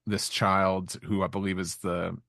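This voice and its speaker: A man co-hosting a podcast, recapping a comic chapter in halting casual chat full of fillers. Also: sits low, monotone, vocal fry, a bit bright, no echo, studio quality. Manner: halting, with many fillers and restarts. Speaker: podcast co-host.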